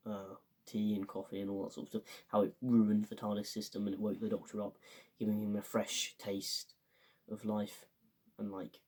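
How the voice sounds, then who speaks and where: This young man's voice is somewhat low and slightly mellow. As a fan reviewer, he rambles excitedly about a show, leaning on lots of fillers and performing the quotes himself.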